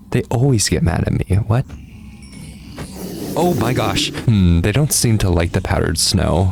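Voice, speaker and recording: A man's voice: fairly low pitch, a little mellow. A man hosting his own gaming channel, giving upbeat, chatty commentary as he plays and talking straight to his viewers. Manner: upbeat and chatty, talks to viewers and to animals in the game. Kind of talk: casual game commentary.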